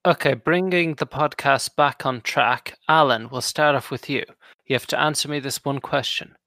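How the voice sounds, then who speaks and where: A man's voice: medium pitch, moderate pace, sharp tone, no room sound, studio quality. A man hosting a casual podcast with friends, playful and jokey as he keeps the show moving. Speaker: podcast host.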